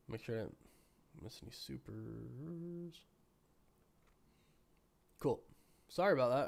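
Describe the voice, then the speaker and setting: A man with a cold, hoarse and sniffly, hosting a casual live stream and chatting with viewers while thinking aloud. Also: medium pitch, darkish tone. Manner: rambling, thinking aloud with many restarts. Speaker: livestream host.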